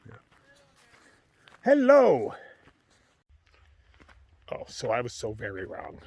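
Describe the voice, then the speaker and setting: A man's voice: fairly low pitch, steady tone, fast talker, slightly rough. A man vlogging casually outdoors on a long trail hike, chatting in a rambling way and sometimes dropping to a whisper. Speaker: thru-hiker vlogger.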